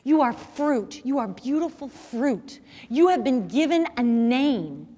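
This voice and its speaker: Middle-aged woman lecturing teens, high voice, preachy and emphatic, big echoey hall. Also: expressive, slow, mellow. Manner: emphatic, preachy, rhetorical questions. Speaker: speaker. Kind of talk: chastity talk to young audience.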